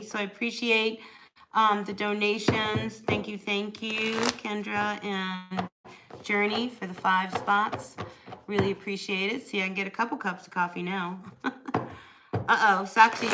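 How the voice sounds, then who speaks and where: A woman's voice: medium pitch, noisy background. A woman chatting casually during a live tarot reading, answering viewers by name and laughing often. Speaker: tarot reader.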